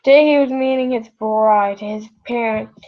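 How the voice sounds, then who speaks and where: A woman with a higher voice reads fan fiction at a moderate pace, rambling and frequently stopping to apologize. It was recorded at home at night on a built-in device mic, with lo-fi sound.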